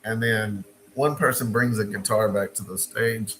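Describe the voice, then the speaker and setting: Animated man telling a story. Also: fairly low pitch, moderate pace, faint music behind, poor audio. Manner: animated, repeats himself, stops and restarts. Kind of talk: casual storytelling.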